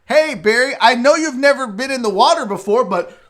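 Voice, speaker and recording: A man's voice: very high voice, lively intonation, a little fast, a bit bright. A man putting on a blunt, careless father teaching his son to swim.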